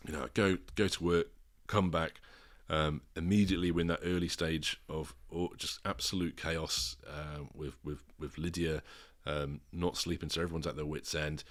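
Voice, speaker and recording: A man, a father co-hosting a podcast, talking frankly with swearing and halting restarts. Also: extremely low pitch, fairly even intonation. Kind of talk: candid podcast chat.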